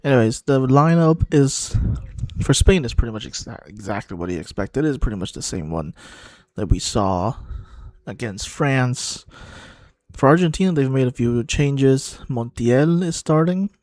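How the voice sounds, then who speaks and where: A man's voice: mid-range voice, lively intonation, moderate pace, darkish tone, no room sound. A man hosting a watchalong of a football match, chatting casually and thinking aloud with fillers. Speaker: watchalong host. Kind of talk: casual live commentary.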